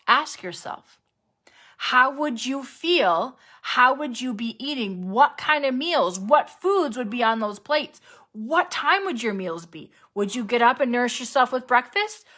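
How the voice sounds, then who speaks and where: A woman health coach giving a casual, animated motivational talk, full of "right?" and "like", acting out panicky inner voices with sudden jumps in pitch.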